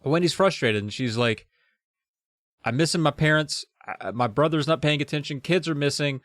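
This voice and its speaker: A man's voice: fairly high pitch, moderate pace, fairly bright tone, dry recording, clean studio sound. A man co-hosting a comedic podcast, recapping a kids' horror book in a casual, wry way. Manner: casual, wry, reacts with laughs and swearing. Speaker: podcast co-host.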